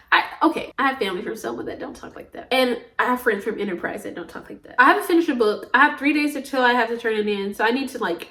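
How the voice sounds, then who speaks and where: A young woman from the American South talks in a loose, chatty vlog monologue. Her voice sits high, and she rambles from one topic to the next with frequent laughs. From Southern United States. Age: young adult. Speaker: vlogger.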